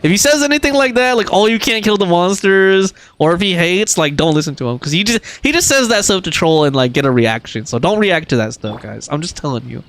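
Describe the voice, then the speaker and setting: A man's voice: on the high side, sing-song, fast, few pauses, a bit bright. A man streaming a game, chatting casually and reading viewer messages aloud, with frequent laughs and fillers. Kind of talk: casual gaming livestream chat.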